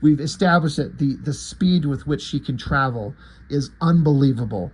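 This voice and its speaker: Man recapping comics, husky voice, fairly high, excitable and rambly. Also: normal speed. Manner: enthusiastic, rambling retelling. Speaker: comic book reviewer.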